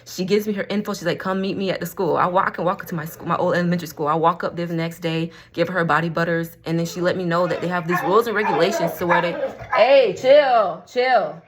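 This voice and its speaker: A woman's voice: lowish voice, fairly even intonation, very fast, few pauses, background noise. A woman from Florida chatting to camera at home, rambling and laughing often, saying y'all. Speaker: vlogger and crystal seller. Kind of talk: casual chat to camera.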